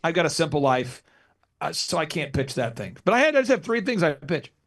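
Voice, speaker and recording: Man, 40s, podcast guest, lively storyteller, somewhat high-pitched. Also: a little fast, breathy edge. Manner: energetic storyteller who acts out quotes. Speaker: business consultant, guest. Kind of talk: podcast interview.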